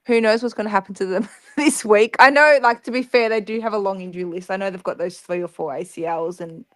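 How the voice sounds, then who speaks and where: A woman's voice: mid-range voice, quick pace. A woman co-hosting a casual sports chat, upbeat and giggly, thinking aloud with fillers. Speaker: podcast co-host.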